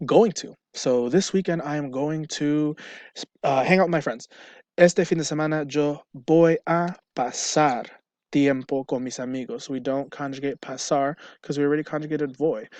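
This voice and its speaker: Male teacher, mid pitch, explains patiently, dry room sound. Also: darkish tone, no room sound. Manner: explains step by step, checks with "right?". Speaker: Spanish teacher. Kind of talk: recorded online lesson.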